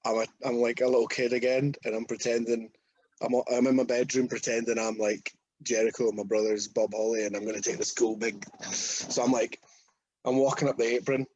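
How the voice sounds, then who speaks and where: A man's voice: medium pitch, flat delivery, a little fast, darkish tone, a little hiss or hum, rough recording. A man in his thirties, a wrestler guest, telling rambling, sweary anecdotes in casual podcast chat. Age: 30s.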